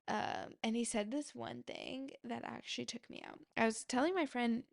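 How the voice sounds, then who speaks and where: Chatty young woman with a gravelly edge. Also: a little high, moderate pace, no room sound, studio quality. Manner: chatty, heavy use of "like", addresses listeners directly. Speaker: podcast host. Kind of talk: casual storytelling.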